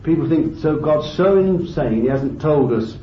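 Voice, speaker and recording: A man's voice: on the high side, animated, moderate pace, a little hiss or hum. Fervent male preacher on old tape. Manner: fervent, swings from loud exclamations to hushed asides. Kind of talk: sermon. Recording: roomy, distant, dull lo-fi tape recording.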